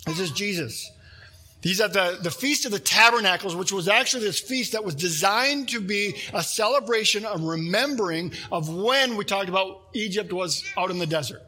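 Pastor, man, preaching in earnest; slightly higher, husky voice. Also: lively intonation, moderate pace, bright, forceful tone. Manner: earnest preaching, reads scripture aloud, asks listeners questions. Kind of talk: sermon.

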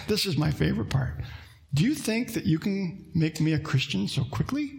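A man preaching a sermon as a pastor, with animated delivery that climbs into emphatic bursts and asides to the congregation. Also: a little high, moderate pace, creaky.

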